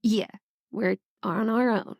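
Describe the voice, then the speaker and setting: A woman's voice: a little high, steady tone, slow, gravelly, a little mellow, no echo, studio quality. A woman from Northern Virginia co-hosting a podcast in casual, chatty talk, laughing often. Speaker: podcast co-host. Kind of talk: casual chat.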